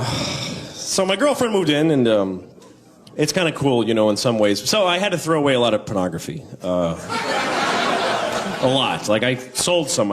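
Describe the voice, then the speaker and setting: A man doing an observational stand-up routine with a wry, rambling delivery and silly impressions. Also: mid-range voice. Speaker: stand-up comedian. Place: comedy club before a live audience. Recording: crowd laughter and ambient noise.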